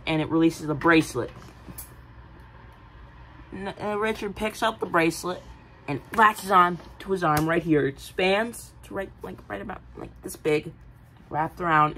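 A woman casually pitching a film idea, rambling with many fillers and giggly asides. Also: moderate pace, a bit bright, a little hiss or hum, rough recording. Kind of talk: casual movie-pitch chat.

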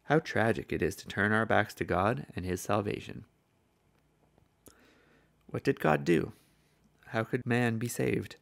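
A man's voice: fairly low pitch, moderate pace, gravelly, few pauses, fairly bright tone. An older man from the States, preaching a sermon in an earnest storytelling manner. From southern United States. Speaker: evangelist preacher.

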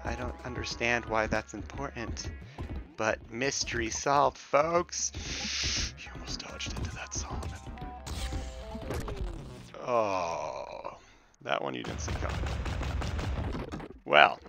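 A young man with a very low, gravelly voice gives loose commentary while he plays a game. He talks straight to enemies and shopkeepers, jumping from loud outbursts to mumbled asides. Game music plays clearly behind him. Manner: talks to the game's creatures, swings between loud outbursts and mumbling. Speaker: gameplay commentator. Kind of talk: casual let's-play commentary.

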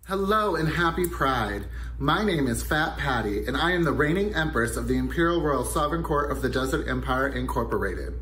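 A man's voice: medium pitch, lively intonation, normal speed, fairly bright tone. Upbeat man greeting from an echoey room. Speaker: guest giving a video greeting. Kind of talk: prepared video message. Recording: echoey room, faint background noise.

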